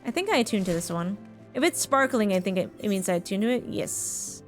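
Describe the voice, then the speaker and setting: A woman's voice: medium pitch, sing-song, a little fast, soft background music. A woman streamer chatting casually as she plays, reacting to the game and thanking her chat. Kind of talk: casual live-stream commentary.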